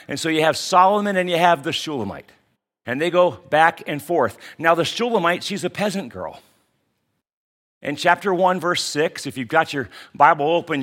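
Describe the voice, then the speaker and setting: A man's voice: on the high side, fairly bright tone. A man pastor giving a conversational sermon that teaches through rhetorical questions.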